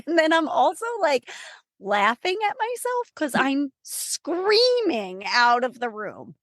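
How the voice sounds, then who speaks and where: A woman guest on a podcast telling her story in a casual, expressive, self-mocking way, full of "like" fillers. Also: high-pitched, measured pace, dry recording, clean studio sound. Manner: chatty with frequent "like" fillers.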